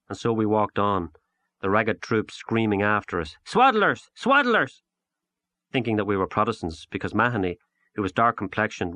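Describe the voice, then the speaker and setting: A man narrating a literary short story in a measured, unhurried audiobook reading. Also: lowish voice, a bit bright.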